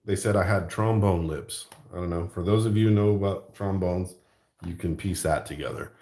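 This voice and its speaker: Rambling, gravelly-voiced man. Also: low voice, normal speed, a little mellow, roomy sound. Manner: rambling, self-mocking, jokey. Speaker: art channel host. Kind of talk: casual chat while crafting.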